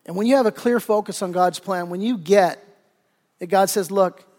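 A man preaching a sermon as pastor, animated, acting out the voices he quotes. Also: high-pitched, normal speed. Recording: long hall reverb.

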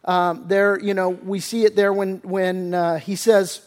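A man preaching a sermon as pastor, conversational and earnest, often restarting phrases, dropping soft for tender points and rising when reading scripture. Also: sits high, fairly even intonation, a little slow, few pauses.

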